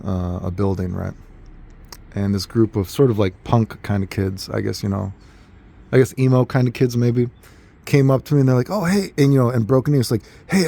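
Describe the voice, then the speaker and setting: Rambling man telling stories, mellow voice. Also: lowish voice, creaky. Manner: animated, rambling, with many fillers and laughs. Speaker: storyteller. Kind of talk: casual anecdote telling.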